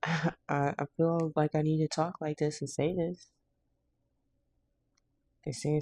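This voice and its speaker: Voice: mid-range voice, little pitch movement, a little slow, gravelly, long pauses, mellow, slightly rough, dry recording. A tarot card reader in a casual reading, blunt and slangy, laughing now and then. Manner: laughs often.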